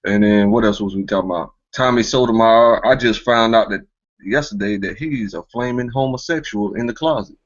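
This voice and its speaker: A man's voice: on the low side, a little fast, highs cut off. A man hosting a casual online talk show, rambling and filling with a stock phrase. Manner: rambling, fills with "you know what I'm saying".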